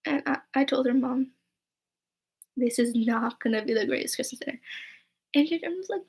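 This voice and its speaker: A young woman vlogger with a high, slightly breathy voice speaks at a normal speed. She tells chatty, rambling stories, quoting people in dialogue and saying "like" and "right?" constantly.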